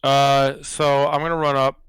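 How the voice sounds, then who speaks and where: Male player, dry sarcastic wit, crisp and bright tone. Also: medium pitch, level tone, a little slow, no room sound. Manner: describes actions, dry sarcastic jokes. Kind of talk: tabletop game play.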